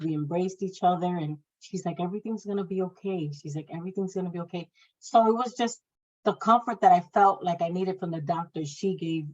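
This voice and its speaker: A woman sharing a personal testimony of faith in casual talk, telling it with feeling and acting out the words of the people in her story. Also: on the low side. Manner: emotional storytelling, acts out quoted speech; faith-filled, speaks of God. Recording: dull lo-fi audio.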